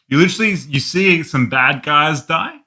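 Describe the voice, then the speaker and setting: Very bright-voiced man, blunt critic. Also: fairly high pitch, lively intonation, moderate pace, breathy edge. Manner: blunt, critical, easy laughs. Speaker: podcast co-host. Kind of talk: casual film review chat. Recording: quiet, softly recorded audio.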